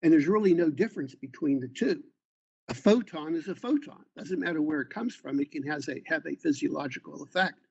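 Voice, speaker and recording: Gravelly-voiced man giving a slide talk. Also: a little high, a little fast, highs cut off. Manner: informal, with fillers and side remarks. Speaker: eye doctor leading a patient meeting. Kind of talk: slide presentation over a call.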